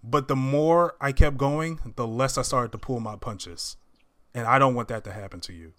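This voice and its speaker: A man with a bright, forceful voice chats through a movie recap. He is animated and slips into the characters' lines as he retells each scene. His pitch sits in the middle of the range. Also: moderate pace. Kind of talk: casual movie recap chat.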